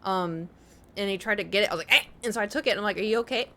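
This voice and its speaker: A woman's voice: mid-range voice, very fast, sharp tone. A young woman with a slight lisp from braces, chatting casually on a live stream and telling rambling, self-mocking stories with frequent laughter.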